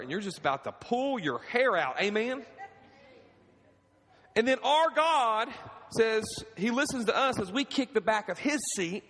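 Male pastor, 30s, fervent sermon delivery with amen call-outs, slightly high voice, reverberant sanctuary. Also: big pitch swings, moderate pace. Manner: fervent, swings from quiet pleading to high emphatic preaching, asks the crowd for amens. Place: church sanctuary. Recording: long reverb of a church hall.

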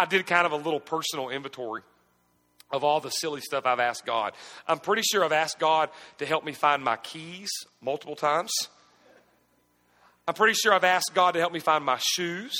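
A man preaching a sermon as pastor, building to shouted emphasis with folksy asides. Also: a little high, long reverb tail.

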